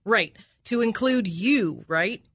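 Woman prosecutor, combative cross-examiner, animated pitch, dry close sound. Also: slow pace, slightly rough, no room sound. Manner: aggressive, repeats answers back with "right?".

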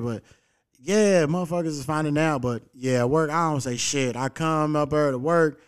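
Young male podcast host and comic, laid-back and foul-mouthed, slightly high voice. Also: moderate pace, clean tone. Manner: laid-back, heavy swearing, animated when quoting people. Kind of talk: casual podcast chat.

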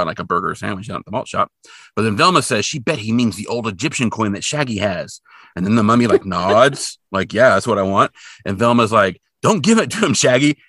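On a podcast he co-hosts, a man with a lowish voice recaps a cartoon episode conversationally, bringing the story to life by acting out parts. The audio is studio quality with no echo.

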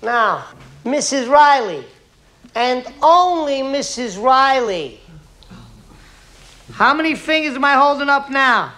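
A man's voice: extremely high pitch, lively intonation, takes it slowly, pauses often, bright, forceful tone, full character voice. An actor playing a brash, streetwise male defense lawyer with a New York accent, questioning a witness in a film courtroom scene. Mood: coaxing, insistent. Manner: pushy, apologetic in bursts, over-enunciating.

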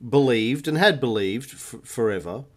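Brief: male podcast co-host, animated storyteller, casual and profane, mid-pitched voice. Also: normal speed. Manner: animated storyteller, swears freely. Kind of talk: casual chat, anecdote.

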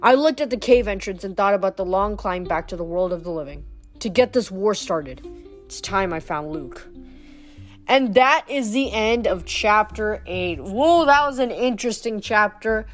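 A woman's voice: mid-range voice, animated, normal speed, soft background music. A woman reading a novel aloud chapter by chapter, often tripping over words and restarting them. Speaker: reader.

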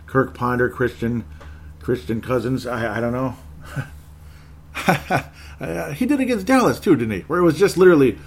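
A man's voice: mid-range voice, expressive, measured pace. A man hosting a sports podcast in casual chat, rambling, chuckling often and correcting himself as he reads listener comments.

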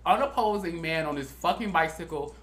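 A young man co-hosting a podcast, chatting casually and telling profane, animated stories. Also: a little high, a little fast, roomy sound. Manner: animated storytelling, profane and playful. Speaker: podcast co-host.

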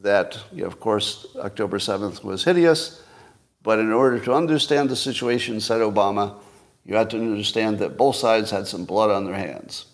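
An older man in his sixties talks through the news alone on a livestream, his voice sitting a little low. He rambles casually, full of fillers and restarts. He slides easily into dry sarcasm. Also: moderate pace. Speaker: podcast host. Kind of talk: solo news commentary livestream.

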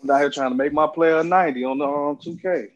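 A man in casual podcast chat, brash and quick to laugh, swearing freely with friends. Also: on the high side, steady tone, lo-fi sound. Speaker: podcast co-host.

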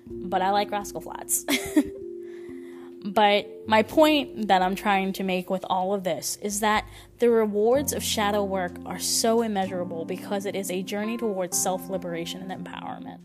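Gentle woman podcaster over music. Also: mid-range voice, moderate pace. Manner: gentle, reflective and encouraging. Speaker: podcast host. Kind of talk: solo spiritual podcast talk. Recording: voice over clear background music. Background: instrumental music.

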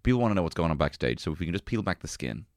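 A man's voice: deep voice, very animated, very fast, slight background noise. A man, hosting a casual comedy podcast with jokey, playful banter. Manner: playful, jokey, swings between hamming it up and mumbling asides. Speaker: podcast host.

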